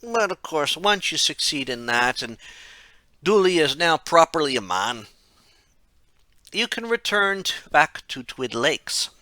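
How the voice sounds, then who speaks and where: A man's voice: on the high side, very animated, measured pace, bright, forceful tone, no room sound. A man narrating a casual game retrospective, rambling, correcting himself and dropping wry asides. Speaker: game reviewer.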